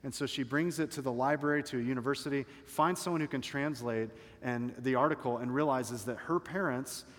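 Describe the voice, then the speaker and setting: A man's voice: mid-range voice, a little fast, a bit bright, long reverb tail. A male pastor preaching a sermon, telling a story dramatically and swelling and dropping his volume for emphasis.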